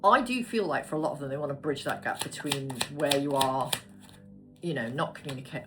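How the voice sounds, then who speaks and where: A woman's voice: deep voice, brisk, over music. A woman giving a casual, chatty tarot reading, murmuring card names and swearing now and then. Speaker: tarot reader.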